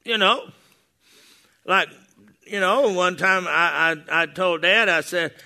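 A man's voice: high voice, slow pace, sharp tone. An older man preaching a sermon to a congregation in a church, telling folksy stories with many restarts, on a clip-on mic. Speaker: pastor. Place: church hall before a congregation. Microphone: wearing a lapel mic.

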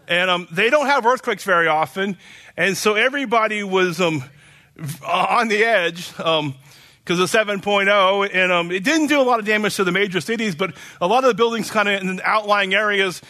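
A man's voice: high-pitched, normal speed, sharp tone. A man from Oklahoma preaching a casual sermon, rambling and chatty with many fillers and restarts.

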